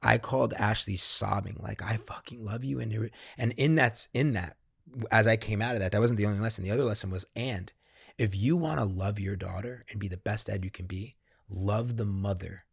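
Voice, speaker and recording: A man, a podcast guest, candidly recounting a personal experience in casual, profanity-laced talk that grows animated when he quotes himself. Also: fairly low pitch, brisk, gravelly, breathy edge, no room sound, clean studio sound. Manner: swears freely, animated when quoting himself. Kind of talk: candid conversational storytelling.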